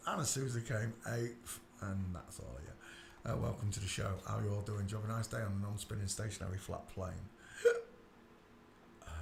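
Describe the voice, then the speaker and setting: A man's voice: mid-range voice, creaky, fairly bright tone, echoey room, a little hiss or hum. A man hosting a casual livestream from home. He talks bluntly and crudely and keeps breaking off to fuss over his dog. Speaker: live stream host. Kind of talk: casual rambling livestream chat. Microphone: desk microphone.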